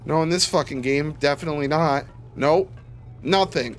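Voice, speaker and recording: A man's voice: fairly high pitch, moderate pace, faint music behind. A young man streaming a game live, talking to his viewers and ranting with heavy swearing. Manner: swears a lot, frustrated rants. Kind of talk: live gameplay commentary.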